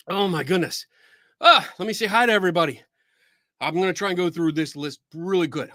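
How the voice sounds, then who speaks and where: A man hosting a casual livestream chat show, excitable and laughing often as he greets viewers by name. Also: sits high, dry recording, studio quality. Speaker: podcast host.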